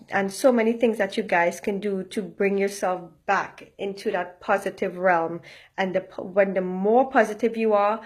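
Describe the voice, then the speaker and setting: A woman vlogger giving casual, blunt life advice straight to her viewers, swearing freely and checking in with a frequent "okay?". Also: mid-range voice. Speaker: motivational vlogger. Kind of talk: casual direct-to-camera advice.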